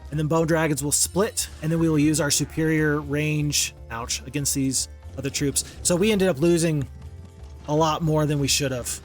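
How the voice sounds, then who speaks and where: A man with a slightly high voice talks through a strategy game as a gaming host, reasoning aloud and counting units quietly under his breath. He is casual and openly self-critical about his mistakes. Faint music plays behind him. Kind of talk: casual gameplay commentary.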